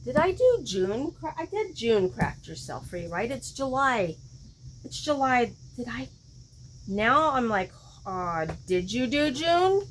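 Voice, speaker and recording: A woman's voice: a little high, very animated, slow, a bit bright, a little hiss or hum. A woman hosting a crochet vlog, chatting casually and thinking aloud, often questioning herself mid-sentence. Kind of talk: casual show-and-tell chat.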